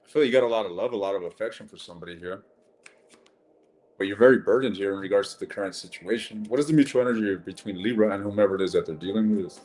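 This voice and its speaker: A man's voice: lowish voice, quick pace, a little mellow. A man giving a casual live-stream tarot reading, blunt and chatty, swearing and calling viewers ladies and gents.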